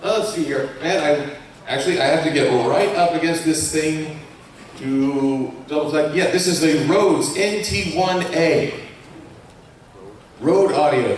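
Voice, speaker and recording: A young YouTuber from Colorado, USA, with a fairly high voice and a slightly slow pace gives a chatty, self-mocking talk on a live convention panel. The audio comes from far off in a large, echoey hall with an audience, with faint hiss.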